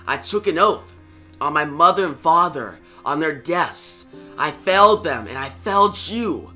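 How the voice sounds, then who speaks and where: A man reading out the lines of a grieving masked hero in a low, hushed voice. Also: lively intonation, a little slow, faint music behind. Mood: sorrowful, hushed. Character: grim male caped hero, grieving and quiet.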